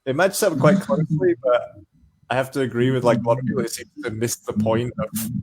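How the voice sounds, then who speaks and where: A man speaking as a podcast guest in casual chat, loose and relaxed, often filling with "like". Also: mid-range voice, a little fast, low-quality recording.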